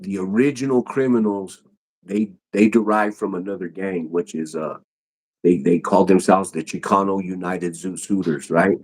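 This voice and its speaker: A man's voice: low voice, steady tone, moderate pace, darkish tone. A man who is a podcast guest, telling stories casually in loose, rambling street slang. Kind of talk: casual storytelling.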